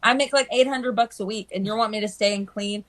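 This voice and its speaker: A woman hairstylist chatting casually on a live stream, telling animated stories and acting out the people she quotes. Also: medium pitch, fairly quick. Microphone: phone.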